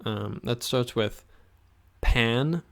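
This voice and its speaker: A man teaching a pronunciation lesson, saying each word slowly and repeating it so the listener can follow along. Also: mid-range voice, vocal fry. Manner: slow, patient, repeats words for the listener. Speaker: language teacher.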